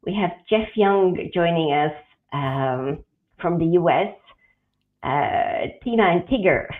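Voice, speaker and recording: Female host, halting speech, tinny echoey call line. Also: fairly low pitch, expressive. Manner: halting, with many fillers and restarts. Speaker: host, headhunter. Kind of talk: casual video-call chat. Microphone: video call.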